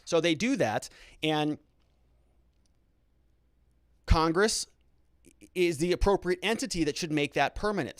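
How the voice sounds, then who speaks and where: A middle-aged man with a fairly high voice runs a legal commentary show in a mocking, sarcastic tone and calls his viewers folks. He is recorded close and dry, with no room sound. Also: sing-song, normal speed, pauses often, a bit bright, no echo.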